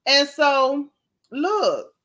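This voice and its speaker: Woman livestream host, bright forceful voice, higher pitch, chatty, greets viewers by name. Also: big pitch swings, extremely slow. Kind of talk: casual livestream chat.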